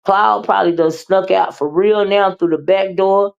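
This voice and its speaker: A woman hosting a livestream, reading viewer comments and chatting with them in an animated, teasing way. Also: medium pitch, moderate pace, gravelly, highs cut off. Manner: animated, teasing, with repeated "uh-uh" and laughter. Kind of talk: casual chat with viewers.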